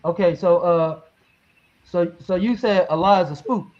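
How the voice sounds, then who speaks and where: A man's voice: sits high, normal speed, darkish tone, highs cut off. A man debating over a live stream, pressing his point with leading questions and reading verses aloud.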